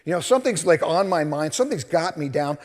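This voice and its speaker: Guy preaching a sermon, kinda high voice, swings all over the place, big echoey church. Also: fast talker. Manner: animated storytelling, acting out scripture voices. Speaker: minister. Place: church sanctuary. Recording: long reverb of a large hall.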